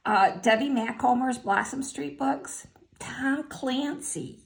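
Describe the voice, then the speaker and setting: An older woman chats through her favorite books in a slow, easygoing way. She pauses on "uh" and "um" between titles and adds small personal asides. Her voice sits at an ordinary middle pitch. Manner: unhurried, listing titles with fillers and asides. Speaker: vlogger sharing favorite books. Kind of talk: casual spoken list.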